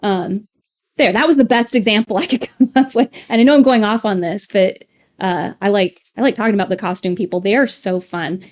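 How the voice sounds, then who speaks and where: Here a woman co-hosts a relaxed live stream from a home studio with LED lighting. Her medium-pitched voice moves fairly quickly as she rambles on, chatting with plenty of fillers and laughter.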